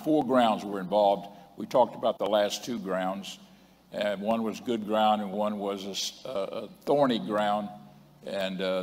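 A man with a fairly low voice preaches in a church, and his words ring out with a long hall reverb. He reads scripture slowly, stretching and stressing key words. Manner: slow emphatic scripture reading, rising in force. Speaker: bishop preaching. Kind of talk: sermon. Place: church sanctuary.

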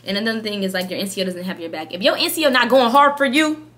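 A woman's voice: mid-range voice, fast. A woman army sergeant talking casually and bluntly to camera, full of slang and rhetorical questions. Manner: blunt, animated, slangy and frank; asks many rhetorical questions.

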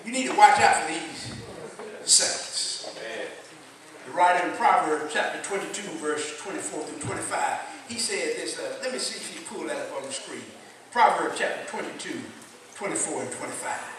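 A man's voice: fairly high pitch, lively intonation, normal speed, fairly bright tone. A man preaching a sermon to a congregation, folksy, with call-and-response asides. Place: church sanctuary with congregation. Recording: very echoey, distant church recording with congregation.

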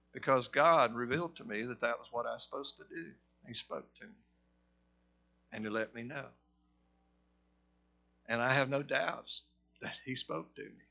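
A middle-aged pastor from Georgia with a Southern accent, preaching a conversational sermon that rises to forceful emphasis. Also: male voice, mid-range voice, creaky. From Georgia, USA.

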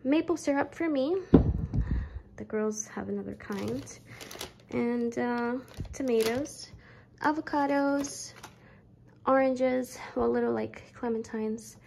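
A young woman talks through her weekly groceries in a rambling, chatty way, a little breathless. Her voice sits fairly high and has a gravelly fry, with faint noise in the background. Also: takes it slowly. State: pregnant, slightly out of breath. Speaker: vlogger. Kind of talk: casual grocery haul chat.

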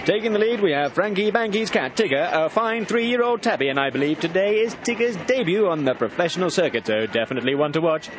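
Man doing a high, lively race commentator, clear noise behind. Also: fast talker, hardly any pauses. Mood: excited. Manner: excited, commentating. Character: excitable male sports commentator. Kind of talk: mock sports commentary.

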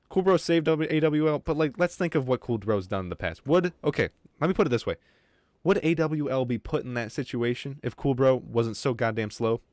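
The audio is studio quality without room sound, capturing a man of medium pitch. He's a gaming streamer live-streaming a game, chatting casually with viewers in a rambling, joking way, swearing freely and breathing a little wheezily.

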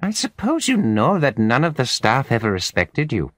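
A man voicing a spiteful middle-aged woman in an audiobook, with a high-pitched nasal voice and sneering delivery. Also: wildly swooping pitch, moderate pace, dry recording, studio quality. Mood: scornful. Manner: sneering, contemptuous.

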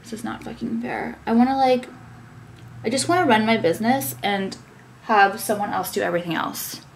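A woman's voice: on the high side, normal speed, creaky, slight background noise. A young woman talking casually to camera, ranting with many fillers and swearing. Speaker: vlogger and business owner.

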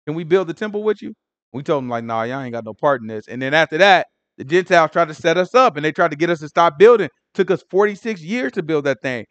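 Male bible teacher, slangy storyteller voice, fairly high, dry close sound. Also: fast talker, dry recording. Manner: animated storytelling, acts out characters in street slang. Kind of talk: casual Bible study teaching.

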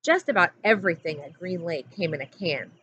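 A woman teacher reading a chapter book aloud in a steady, plain narrating voice. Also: on the low side, a little fast. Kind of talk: storybook read-aloud. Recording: dull lo-fi audio with faint hum.

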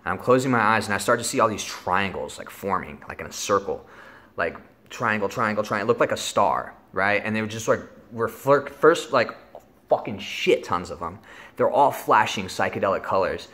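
A man's voice: on the low side, animated, moderate pace, fairly bright tone. A young man casually telling a rambling story, full of filler words and swearing. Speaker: vlogger.

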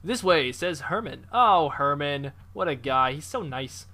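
Bright-voiced excitable man gaming. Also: a little high, a little slow. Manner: excitable, chatty, bursts into exclamations. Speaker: gamer. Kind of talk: casual gameplay commentary.

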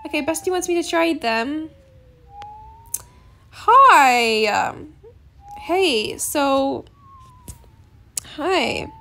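A woman giving casual commentary on her game, gushing and excitable, with gasps and squeals. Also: high voice, vocal fry. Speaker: gaming channel host.

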